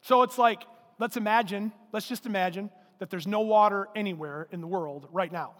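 A man's voice: high-pitched, normal speed, a bit bright. A male pastor preaching a sermon in a conversational, emphatic way, full of rhetorical questions and repetition. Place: church service in a large hall. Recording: long hall reverb.

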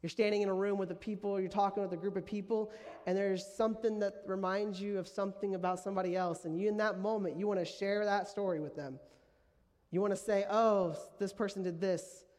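A man's voice: sits high, steady tone, fast, darkish tone, big-room sound. A man preaching a sermon as pastor, conversational, often repeating key phrases for emphasis. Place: church sanctuary.

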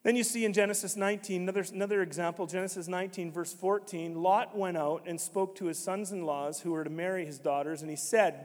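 A fairly high-voiced man preaches a sermon to his congregation, dropping to quiet, conversational asides and then bursting into loud, emphatic shouts. His voice rings out in a church sanctuary with a long hall reverb trailing behind every phrase. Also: fairly even intonation, fast, few pauses. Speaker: pastor.

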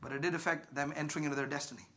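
A man preaching a sermon with fervor, rising to shouts and calling on the congregation to answer back. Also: a little high, fairly even intonation, very fast. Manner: fervent, rises to shouts and calls for congregation responses. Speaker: pastor.

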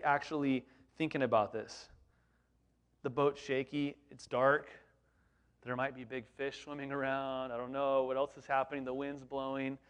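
A man preaching a sermon in a conversational, animated way, with frequent rhetorical questions to the congregation. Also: medium pitch. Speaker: pastor.

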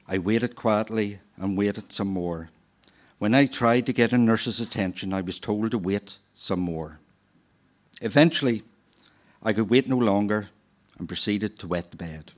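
A man telling a true story from his own life at a live storytelling event, in a measured, reflective way, voicing the people in it as he goes. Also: lowish voice.

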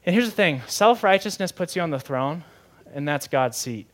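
A young man preaching a sermon in a lively, conversational way, often asking the audience questions. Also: a little high, moderate pace. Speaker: pastor.

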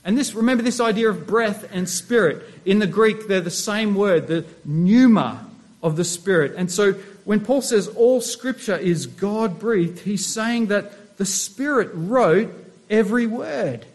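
A middle-aged pastor with a high-pitched voice preaches from scripture to his congregation, repeatedly posing rhetorical questions to them. His delivery is animated but a little slow.

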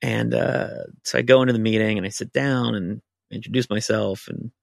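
Gravelly man telling a rambling story. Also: on the low side, fairly even intonation, moderate pace, no echo, clean studio sound. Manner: rambling, filler-heavy anecdote telling. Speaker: writer guest. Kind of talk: casual podcast storytelling.

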